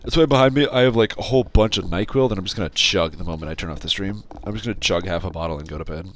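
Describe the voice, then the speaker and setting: A man with a sore, scratchy throat giving casual, rambling commentary while he plays a game, with sudden excited outbursts. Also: low voice, rapid-fire. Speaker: game streamer.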